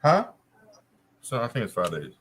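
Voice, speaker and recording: A man's voice: medium pitch, huge pitch swings, normal speed, fairly bright tone, breathy edge. A man telling a long profane story on a casual podcast, with a loose, drawling delivery. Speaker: co-host.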